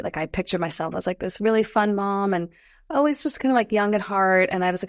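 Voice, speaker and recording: A woman in her forties, a podcast guest, telling her story in a casual interview, animated and climbing into high exclamations. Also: fast talker, dry recording, clean studio sound. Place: Los Angeles.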